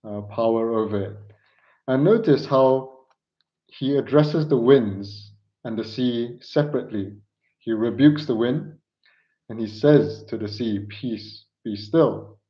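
Male preacher for a sermon: earnest, halting, keeps asking pleading rhetorical questions; mid-pitched voice on a muffled, lo-fi recording. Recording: dull lo-fi recording.

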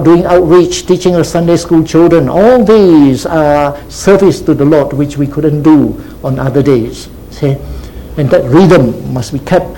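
A man's voice: on the high side, mellow, slight background noise, poor audio. A man preaching a sermon as pastor, teacherly, repeating key phrases and checking in with "See?" and "Huh?".

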